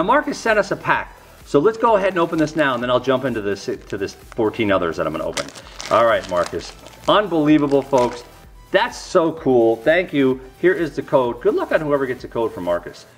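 Excitable middle-aged man. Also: medium pitch, breathy edge. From New York. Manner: excitable, exclaims over each card. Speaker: YouTube host. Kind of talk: casual unboxing vlog.

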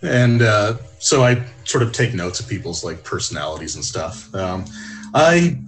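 Man, lowish voice, casual hesitant player. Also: animated, normal speed. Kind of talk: casual game talk.

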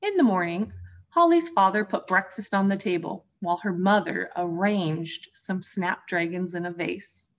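A woman teacher reading a picture book aloud to young children, gently addressing them as friends. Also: fairly low pitch, a little slow, highs cut off. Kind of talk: storybook read-aloud for children.

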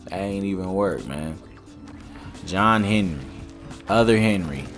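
A man's voice: sits low, expressive, slow pace, soft background music. Slangy young man narrating a pack opening. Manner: rambling, joking, exasperated, slangy. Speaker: gaming YouTuber.

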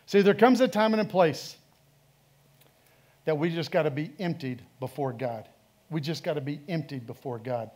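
Pastor, man, high pitch, emphatic repetitive sermon delivery in church. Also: a little mellow. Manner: emphatic, repetitive preaching with rhetorical questions. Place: church sanctuary.

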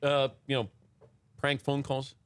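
A man hosting a talk show, asking quick conversational questions in a casual interview. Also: medium pitch, completely flat delivery, clean tone.

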